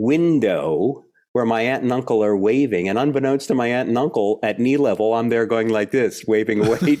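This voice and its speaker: A man in his seventies from Philadelphia, a guest actor telling animated stories in an interview. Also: medium pitch. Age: 70s. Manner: animated storyteller, acts out the people in his stories. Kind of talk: relaxed interview storytelling.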